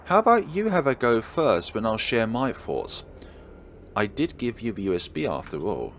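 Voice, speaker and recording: A man's voice: mid-range voice, big pitch swings, moderate pace, a little hiss or hum. A man reading a visual novel aloud, voicing a secretive, teasing young woman from an occult club who talks in a cool, evasive way.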